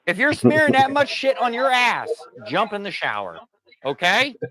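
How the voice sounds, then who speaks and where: A man with a high, light voice tells work stories on a talk stream, loose and conversational. He swears freely and sounds fed up with the people he describes. His delivery is blunt and exasperated. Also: wildly swooping pitch, normal speed, pushed and bright. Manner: profane, exasperated. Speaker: podcast co-host. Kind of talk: casual ranting storytelling.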